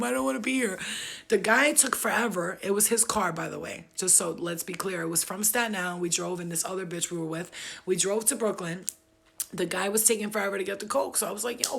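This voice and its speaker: Husky, gravelly New woman storyteller. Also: medium pitch, a bit bright. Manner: blunt, profane, emphatic. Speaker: live streamer telling her story. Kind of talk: casual unscripted storytelling.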